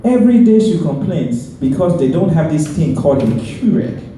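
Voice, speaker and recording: A man doing stand-up in a put-on Nigerian accent, delivering slow, deliberate punchlines with repeated refrains. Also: fairly high pitch, sing-song, mellow. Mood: deadpan. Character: man with a thick Nigerian accent, deadpan storyteller. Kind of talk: stand-up comedy. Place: live comedy venue. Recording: echoey stage mic from far off with crowd noise.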